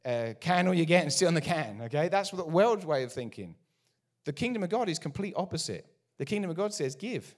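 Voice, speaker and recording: A man preaching a sermon to a congregation, animated and joking in asides. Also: on the high side. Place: church before a congregation.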